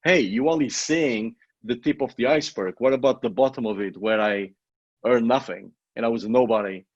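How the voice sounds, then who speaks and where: Husky-voiced coach with a foreign accent. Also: male voice, mid-range voice, a little fast, no echo. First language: not English. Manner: emphatic, repeats himself, swears casually. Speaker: online marketing coach. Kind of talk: motivational live coaching talk. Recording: dull lo-fi audio.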